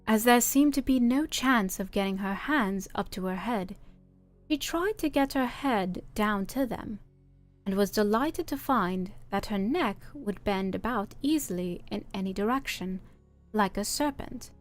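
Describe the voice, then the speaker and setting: A woman streamer reading a children's story aloud in a calm, even storytelling manner. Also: mid-range voice, a little slow, faint music behind.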